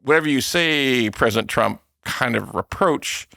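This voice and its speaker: A man's voice: mid-range voice, measured pace, vocal fry, no room sound, clean studio sound. A Canadian man hosting a podcast, ranting in a casual, mocking way about politics. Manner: animated, laughing, mocking quotes of politicians. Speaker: podcast host. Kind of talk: casual opinion rant.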